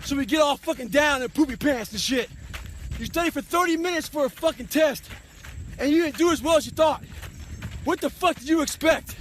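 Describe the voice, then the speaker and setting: A man's voice: very high-pitched, a little fast, fairly bright tone, slight background noise, poor audio. Intense profane motivational man. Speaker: motivational speaker. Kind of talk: blunt motivational monologue.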